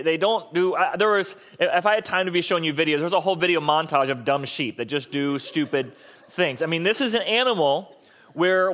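A male pastor with a slightly high-pitched voice preaches in a loose, conversational way. He jokes with the congregation and keeps breaking off to restart his sentences. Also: fairly bright tone. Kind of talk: sermon.

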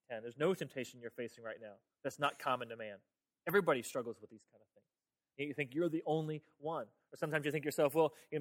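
A male pastor with a slightly high, somewhat bright voice preaches a sermon conversationally. He often repeats words and speaks directly to his listeners.

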